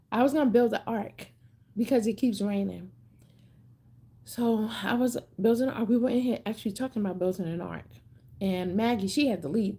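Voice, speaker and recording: A woman's voice: on the high side, mellow, slightly rough. A woman hosting a casual livestream, chatting playfully with viewers and reading their comments aloud, often repeating herself for emphasis. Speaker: livestream host.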